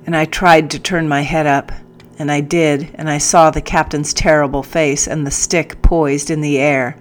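A woman narrating a first-person audiobook in a measured, earnest way. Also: deep voice, little pitch movement.

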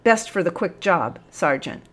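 A woman's voice: lowish voice, sing-song, a bit bright, exaggerated voice. A woman doing an eager male corporal. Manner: quick, eager replies. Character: quick-thinking male police corporal.

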